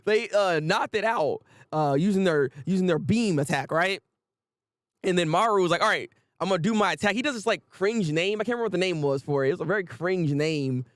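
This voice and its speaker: A man hosting a casual anime episode recap, animated and laughing often as he acts out characters' lines. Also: sits high, brisk, no room sound, clean studio sound. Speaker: anime review host.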